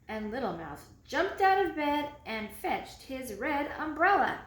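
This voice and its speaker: A woman reading a children's storybook aloud, slow and dramatic, building suspense. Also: sits high, sing-song. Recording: echoey room, faint background noise.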